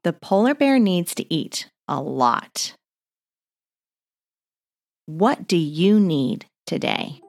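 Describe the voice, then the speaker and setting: A woman hosting a children's mindfulness story, gently guiding breathing and movement exercises. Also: on the low side, very animated, takes it slowly, creaky, long pauses. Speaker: host of children's mindfulness podcast.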